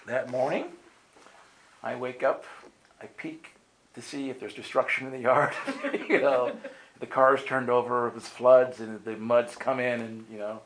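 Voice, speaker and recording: A man's voice: medium pitch, creaky, a bit bright, a little hiss or hum, rough recording. A man preaching and telling a personal testimony in a conversational way, acting out what people said and often checking in with "right?". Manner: dramatic, acts out the quoted lines. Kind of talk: sermon storytelling.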